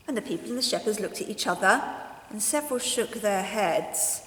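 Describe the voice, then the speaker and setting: A woman leading a school assembly and reading a story aloud to young children in an expressive, animated way. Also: medium pitch, a little fast. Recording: echoey hall with long reverb.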